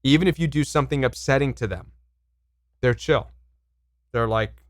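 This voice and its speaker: A man's voice: medium pitch, moderate pace, pauses often, a bit bright, no room sound, studio quality. A man coaching viewers on relationships, talking straight to camera in an emphatic, repetitive way and asking them questions. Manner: emphatic, repeats words, asks viewers questions. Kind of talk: direct-to-camera advice talk.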